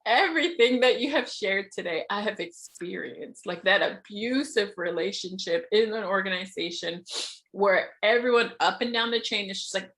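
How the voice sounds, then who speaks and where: A bright-voiced woman hosting a casual podcast interview. She talks in an animated, expressive way, often laughing mid-sentence and swearing freely. Her tone is lively and conversational. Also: mid-range voice, measured pace. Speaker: podcast host.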